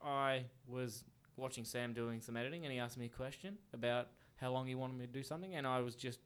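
A man co-hosting a casual podcast chat, excitable and quick to laugh. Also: medium pitch, clean tone. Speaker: podcast co-host.

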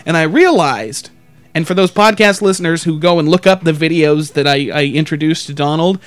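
Rambling and swearing, this male podcast host spins crude comic tales and acts out quotes in over-the-top voices. He speaks a little fast at a fairly high pitch, in a dry recording with soft background music.

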